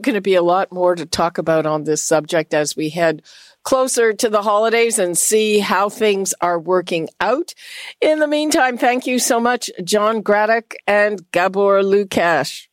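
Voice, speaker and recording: A woman hosting a radio talk show, interviewing a guest in a measured, precise way. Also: medium pitch, no room sound. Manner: measured, precise about pronunciation.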